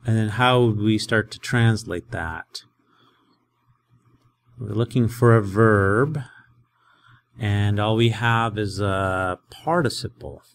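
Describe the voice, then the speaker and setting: A man teaching a Greek lesson as a professor, explaining in a conversational, animated way. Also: fairly low pitch, a little hiss or hum.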